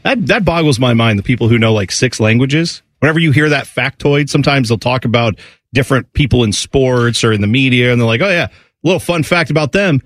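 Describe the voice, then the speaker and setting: A man's voice: medium pitch, a little fast, dry recording. A man co-hosting a casual podcast chat in a plain American accent, talking in a loose, rambling way and slipping into mocking quoted voices. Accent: General American. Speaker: podcast co-host.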